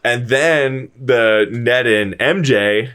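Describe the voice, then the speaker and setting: A man's voice: medium pitch, very slow, a bit bright, a little hiss or hum. A man casually retelling a film plot as a podcast host, acting out the characters' lines and swearing freely. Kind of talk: casual spoiler chat.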